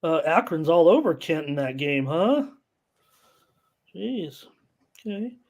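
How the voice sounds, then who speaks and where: A middle-aged man co-hosting a live sports betting stream, talking in an excitable, jokey, rambling way. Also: a little high, slow pace. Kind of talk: casual banter on live stream.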